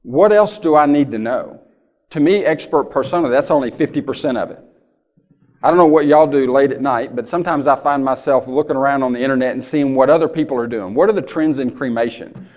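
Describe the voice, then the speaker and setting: A man's voice: medium pitch, a little fast, a little mellow. Folksy man in a reverberant hall. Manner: folksy storytelling, asks the audience "right?" often. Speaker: keynote speaker. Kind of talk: conference keynote talk. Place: large conference hall. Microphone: handheld or lapel mic.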